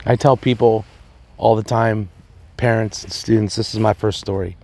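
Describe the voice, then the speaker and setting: A man, a high school principal, talking earnestly in an interview and telling stories with playful asides. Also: steady tone, moderate pace, a little mellow. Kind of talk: reflective interview talk.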